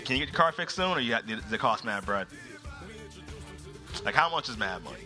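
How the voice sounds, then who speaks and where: A man hosting a live comedy show, teasing the audience with loud, profane banter. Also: medium pitch, lively intonation, brisk, over music. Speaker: host. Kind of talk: live comedy crowd work.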